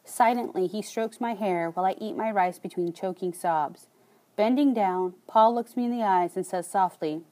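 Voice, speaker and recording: A woman narrating an audiobook in a calm, measured first-person reading. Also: medium pitch.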